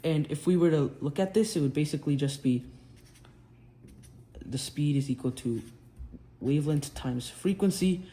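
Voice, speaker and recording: A man's voice: on the high side, normal speed, long pauses, mellow. A young man explaining physics as a casual tutor while drawing, often restarting his sentences. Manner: casual, restarts and self-corrections. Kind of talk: whiteboard explainer lesson. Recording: roomy, faint background noise.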